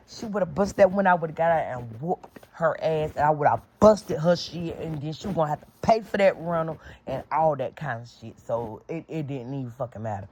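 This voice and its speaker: A woman's voice: low voice, expressive, normal speed, darkish tone. A middle-aged woman telling a casual storytime vlog story, blunt and full of profanity and sound-effect words.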